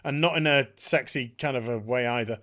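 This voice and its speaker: A man's voice: mid-range voice, brisk, pushed and bright. A man ranting sarcastically in a review vlog, exasperated and swearing a lot. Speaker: TV episode reviewer.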